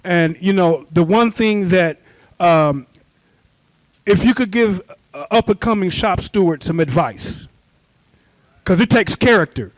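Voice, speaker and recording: A man, a shop steward, asking the panel a question into a handheld microphone, halting and earnest with formal phrasing. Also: sits high, animated, no echo. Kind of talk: audience question at a live event.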